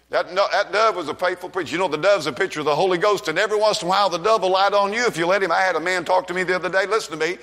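A man preaching a revival sermon, fervently calling out and then dropping to a hushed tone. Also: very fast, hardly any pauses. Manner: fervent, shouts rises then drops low and hushed.

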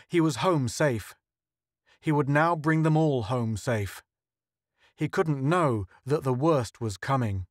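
A man narrating a science fiction story in a steady, measured reading. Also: fairly high pitch, no room sound, studio quality. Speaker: audiobook narrator.

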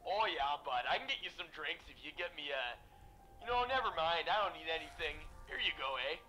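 A man's voice: on the high side, animated, a little fast, music in the background, low-quality recording. A man voicing friendly Canadian townsfolk in a game mod, folksy and tacking "eh" and "bud" onto his lines, heard through an intercom. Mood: cheery. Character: jolly Canadian townsfolk NPCs, friendly men.

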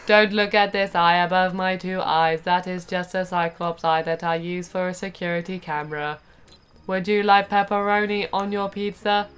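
A woman voicing a cheerful male pizza delivery robot in a flat, stiff monotone. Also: fairly low pitch, moderate pace, clear, resonant tone, close to an everyday voice. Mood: robotic.

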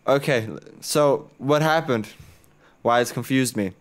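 A man's voice: medium pitch, measured pace. A young man doing casual let's-play commentary, joking and rambling and swearing freely. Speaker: gaming YouTuber.

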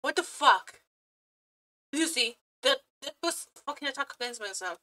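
A woman streamer reacts casually to a video in a bright, high-pitched voice at normal speed. She is excitable, swears a lot, laughs often, and uses non-native phrasing.

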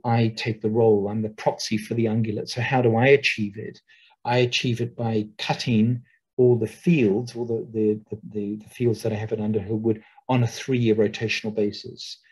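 A man who owns a nature reserve gives a webinar talk over a video call. He speaks in a relaxed, rambling way, with many ums and restarts. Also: fairly low pitch, breathy edge, poor audio.

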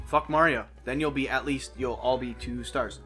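A man's voice: medium pitch, steady tone, pushed and bright, soft background music. A man co-hosting a let's-play, teasing his friend and swearing freely in casual banter. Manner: teasing, swearing, quick to joke. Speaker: gaming channel co-host.

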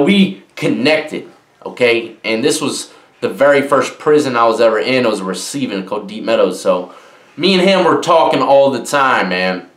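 A young man telling prison stories in a rambling, slangy, conversational way, full of "man" and "you know". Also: mid-range voice. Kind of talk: casual storytelling monologue. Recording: echoey room.

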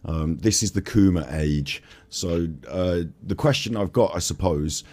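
A man's voice: low-pitched, a little slow, a little mellow. A man co-hosting a podcast, chatting casually and joking around. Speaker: podcast co-host.

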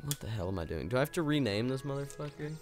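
A man's voice: mid-range voice, animated, fast. Brief: young male gamer co-host, crude and jokey, desk mic, faint game music. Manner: crude, joking, narrates his own gameplay. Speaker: gaming video co-host. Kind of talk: casual let's-play banter.

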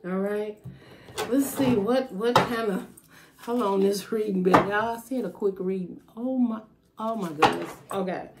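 A woman's voice: medium pitch, measured pace, very noisy. A woman giving a casual, rambling tarot reading, thinking aloud with fillers and trailing thoughts. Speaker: tarot reader.

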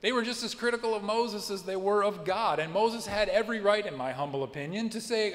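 A pastor delivering a sermon in a church, expressive, acting out the people he quotes. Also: high-pitched, fairly quick, few pauses, in a large hall. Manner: expressive preaching with acted-out quotes. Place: church sanctuary.

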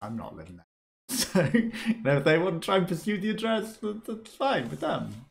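A man's voice: high voice, sing-song, normal speed, creaky. A man casually commenting while playing a video game, chatty and wry, laughing often as he reads items aloud. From United Kingdom. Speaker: let's play streamer.

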